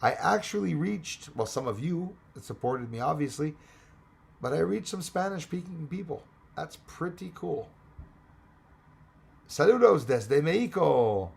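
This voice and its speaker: Host, male, hoarse and fading voice, rough gravelly grain, rambling casual chat. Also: a little high, sing-song, a little slow, a little mellow. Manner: rambling, mixes in French and Spanish greetings. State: losing his voice. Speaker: livestream host reading chat.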